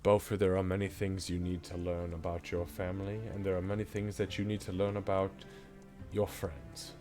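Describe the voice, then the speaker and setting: A man's voice: low-pitched, a little mellow, natural voice. A man voicing a crude old dwarf informant who talks in a profane, theatrical, fatherly way.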